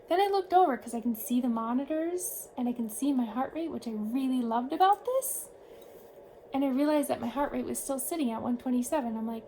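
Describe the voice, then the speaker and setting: Woman vlogger, high voice, animated conversational storytelling, faint background hiss. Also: rough recording. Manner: animated, quick shifts in tone when retelling. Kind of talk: casual storytelling to camera.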